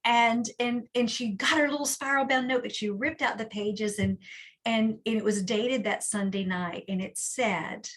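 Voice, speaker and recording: A woman guest in an interview, telling a personal story in a chatty, animated way with frequent restarts. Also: on the high side, moderate pace. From Texas.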